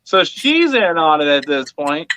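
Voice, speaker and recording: A man's voice: fairly high pitch, unhurried, slight background noise, poor audio. A man in his thirties on a podcast, telling a family anecdote in casual chat and acting out the voices in it. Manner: animated, acts out voices in anecdotes.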